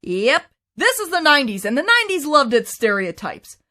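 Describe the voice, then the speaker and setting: A woman's voice: high-pitched, very animated, normal speed, bright, forceful tone. A woman narrating a scripted game review in a wry, chatty way.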